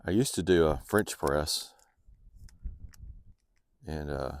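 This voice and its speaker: A man's voice: very deep voice, slow, vocal fry, no room sound. A man chatting casually to viewers while camping outdoors by a lake, a bit sniffly from the cold. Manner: relaxed, chatty, addresses viewers directly. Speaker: vlogger. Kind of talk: casual outdoor vlog talk. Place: outdoors at a lakeside campsite.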